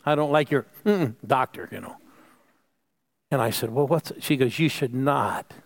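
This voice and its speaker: A middle-aged male pastor from Phoenix tells a personal story from the pulpit. His voice has a gravelly fry at a middle pitch, and he keeps calling on the congregation to say it with him. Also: a little slow. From Phoenix, United States. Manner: call-and-response preaching, storytelling. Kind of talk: sermon.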